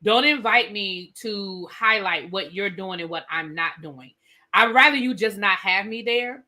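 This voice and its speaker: A woman hosting a casual reality TV recap, opinionated and animated, acting out what people said. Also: medium pitch, unhurried. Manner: animated, opinionated, acts out quotes. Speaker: recap show host.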